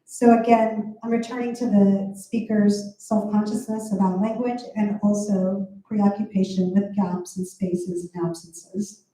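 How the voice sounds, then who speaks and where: Woman poet with a very mellow voice, reading her work in a roomy bookstore space with chatty asides. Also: medium pitch, steady tone, unhurried, distant mic. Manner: explains language points with chatty asides. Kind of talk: poetry reading with commentary. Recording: very echoey room.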